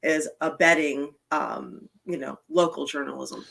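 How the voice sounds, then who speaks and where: Bright-voiced emphatic woman host. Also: sits low, fairly even intonation, a little slow, vocal fry. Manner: emphatic, blunt, swears freely. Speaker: podcast host. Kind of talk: casual political podcast chat.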